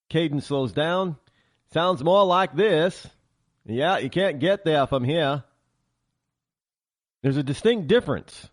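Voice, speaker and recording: A middle-aged man hosting a talk show, delivering an animated, sarcastic monologue with lots of restarts. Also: medium pitch, no echo, clean studio sound. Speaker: radio talk show host. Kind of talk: opinionated monologue.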